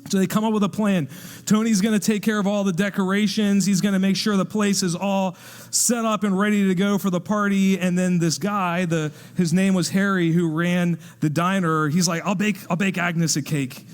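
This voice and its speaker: Male pastor telling a story in a sermon, fairly high voice, acts out the characters, long church reverb, faint music behind. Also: moderate pace. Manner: lively narration, acting out the people in the story. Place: church hall.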